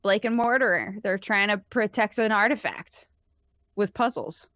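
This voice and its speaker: A woman's voice: mid-range voice, animated, normal speed, a bit bright, no echo, studio quality. A woman co-hosting a casual gaming podcast, enthusiastic and casual, swearing now and then. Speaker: podcast co-host. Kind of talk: casual chat.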